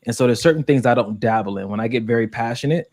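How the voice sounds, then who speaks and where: A man in his thirties talks through relationship questions on a casual podcast, earnest and reflective. His voice sits at an ordinary middle pitch and is recorded close and dry with no room sound. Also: quick pace, a little mellow, no room sound. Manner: earnest, reflective, speeds up when making a point. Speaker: podcast co-host.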